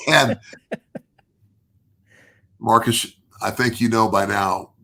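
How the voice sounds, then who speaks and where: A man's voice: fairly low pitch, steady tone, extremely slow, vocal fry, a bit bright. An older man, a podcast guest, telling a long story casually, restarting phrases and chuckling as he goes. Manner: rambling with many restarts and repeated words; chuckles through his own story.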